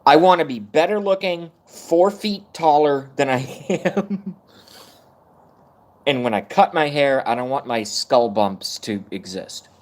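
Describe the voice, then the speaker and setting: A man's voice: a little high, expressive, a little slow. A man in his thirties ranting on a live stream, rambling and self-mocking, swearing often. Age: 30s. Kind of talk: casual rant on a live stream.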